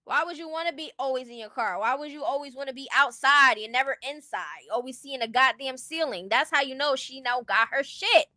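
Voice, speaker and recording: Brief: high-pitched woman streamer, sassy and blunt, dry close sound. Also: brisk, few pauses, bright, forceful tone, no room sound. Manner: blunt, sassy, laughs often. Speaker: stream host. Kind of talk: casual commentary chat.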